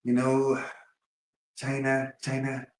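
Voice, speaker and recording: A man's voice: mid-range voice, monotone, echoey room, a little hiss or hum, voice pushed up, lightly acted. A man doing a blustering old politician. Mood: mocking. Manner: repetitive, drawn-out phrasing. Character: impression of a blustering older male politician.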